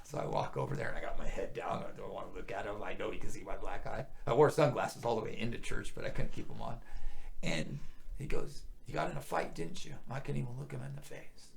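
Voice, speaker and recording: Gravelly-voiced man telling his testimony. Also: fairly low pitch, fast. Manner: earnest, drops to hushed near-whispers when emotional. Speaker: guest sharing testimony. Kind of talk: emotional personal testimony.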